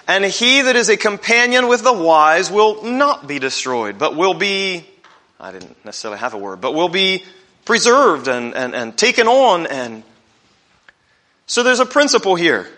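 A man preaches to his congregation in a bright, fairly high voice. He talks in a conversational way, leans on the scripture verses by slowing down, and puts questions to the listeners in the pews. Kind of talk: sermon.

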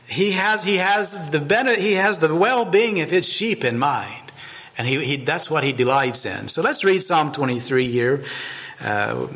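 A man's voice: on the high side, animated, a little slow, a bit bright. A man giving a devotional meditation and reading scripture aloud in an earnest way, often repeating and restarting words. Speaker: preacher.

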